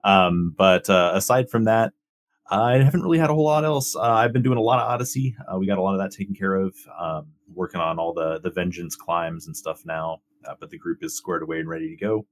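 A young man co-hosting a casual chat, relaxed and hesitant, with many ums and uhs. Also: deep voice, fairly quick. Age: young adult. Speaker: co-host.

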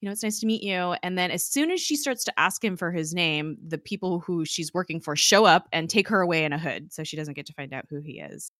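A woman's voice: sits low, expressive, fairly quick, few pauses, a bit bright, dry recording, clean studio sound. A young woman in casual chat, recapping a TV episode and paraphrasing the characters with lots of "like". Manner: chatty, peppers speech with "like", paraphrases characters' lines. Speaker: podcast host recapping a TV episode.

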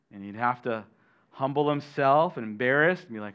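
A middle-aged man preaching a sermon as pastor, animated, questioning his listeners and adding jokey asides. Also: mid-range voice, fast. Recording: dull lo-fi sermon recording.

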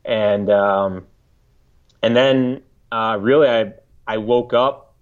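A man in his thirties from the United States, a podcast guest recalling a story in a halting, reflective way, often restarting his sentences. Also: on the low side, fairly even intonation, clean tone. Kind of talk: casual interview storytelling. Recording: slightly dull lo-fi audio.

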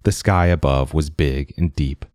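A man narrating a science fiction story in a measured reading. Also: very deep voice, steady tone, darkish tone, dry recording. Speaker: audiobook narrator. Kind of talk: scripted narration.

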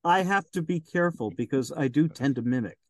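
A man's voice: fairly high pitch, animated, brisk, dry recording. A man who narrates audiobooks, chatting as an interview guest in a rambling, hesitant way with lots of fillers. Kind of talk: casual interview chat.

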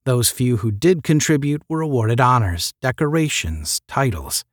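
A man reading a science fiction short story aloud in a measured, steady narrating voice. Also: medium pitch, no room sound, clean studio sound. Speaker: audiobook narrator.

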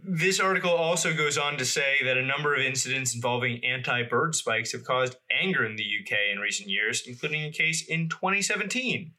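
A man's voice: medium pitch, lively intonation, fairly quick, hardly any pauses, pushed and bright. A man from the Boston area co-hosting a podcast, reading facts aloud in casual chat and laughing often. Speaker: podcast co-host.

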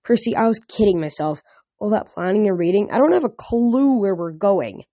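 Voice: mid-range voice, lively intonation, moderate pace, warm tone, no room sound. A reader voicing an anxious, clever teenage girl who doubts herself while leading a quest in a read-aloud novel. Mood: worried. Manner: worried, self-doubting.

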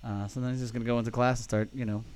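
A man's voice: medium pitch, level tone, racing, a little mellow, clean tone. A man co-hosting a podcast, chatting casually and telling rambling, self-mocking stories with plenty of cursing. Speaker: podcast co-host. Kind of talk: casual chat.

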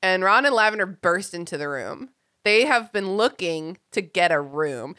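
Bright-voiced, animated woman podcaster. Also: on the low side, normal speed, no room sound, clean studio sound. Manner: animated, laughs often, acts out quoted characters. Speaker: podcast co-host. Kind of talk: casual chat.

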